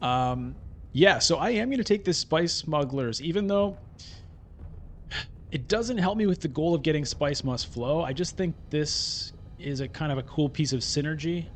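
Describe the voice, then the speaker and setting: A man's voice: a little high, lively intonation, moderate pace, slight background noise. Man musing over a board game. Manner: thinking aloud, musing. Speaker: gameplay streamer. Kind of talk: casual gameplay commentary.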